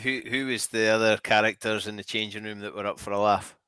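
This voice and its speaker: A man's voice: lowish voice, steady tone, a little fast, sharp tone, clean tone, no echo, clean studio sound. A man hosting a podcast and asking short questions of his guest. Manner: brief prompting questions. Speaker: podcast host. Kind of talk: interview questions.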